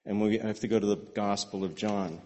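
A man preaching a sermon in an animated way, with rhetorical questions and repeated words. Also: on the low side, normal speed. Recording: long hall reverb.

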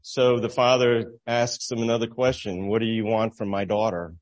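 A man telling a moral story at an easy, halting pace, chuckling now and then, in the manner of a sermon illustration. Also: fairly low pitch. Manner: relaxed, halting storyteller who laughs at his own story.

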